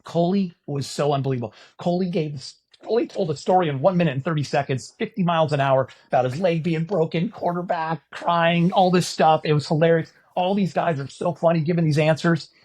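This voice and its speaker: A middle-aged man from California on a podcast, telling a story in casual chat and getting loud at the punchlines. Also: a little high, fairly quick, few pauses. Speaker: podcast co-host.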